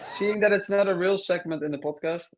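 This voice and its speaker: A man's voice: high voice, fairly quick, background noise. A man co-hosting a livestream, teasing his co-host and laughing often. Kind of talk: casual livestream banter.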